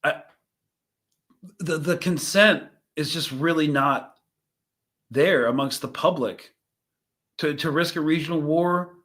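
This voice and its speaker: A young man hosts a live stream and talks over news clips in a loose, rambling way. His voice sits a little high for a man, and he thinks out loud, trailing off and starting sentences again. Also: slow, pauses often. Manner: rambling, thinks aloud with fillers and restarts. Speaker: host reacting to news clips. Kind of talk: casual live commentary.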